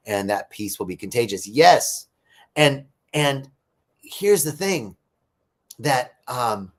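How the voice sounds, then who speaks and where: A man hosting a casual live-streamed spiritual talk, animated and laughing, telling jokes. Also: medium pitch.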